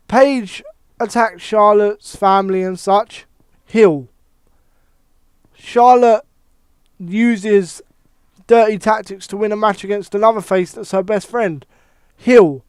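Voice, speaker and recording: A man rants about wrestling in a casual, animated way, swearing freely and correcting himself mid-sentence. His voice is high and smooth. The recording is very dry and close. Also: no echo. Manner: animated, heavy swearing, thinks aloud with restarts. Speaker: wrestling commentator. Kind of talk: casual wrestling opinion monologue.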